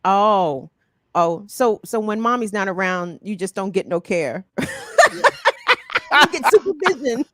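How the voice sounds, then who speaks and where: A woman's voice: mid-range voice, big pitch swings, measured pace, no room sound, clean studio sound. A woman co-hosting a morning show in casual, teasing banter, laughing often. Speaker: co-host.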